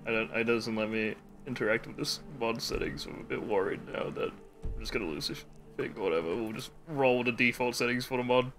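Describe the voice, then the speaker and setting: A man's voice: mid-range voice, a little fast, a bit bright, faint music behind. A man streaming a game live, rambling casually, swearing freely and laughing often. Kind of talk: casual gameplay chat.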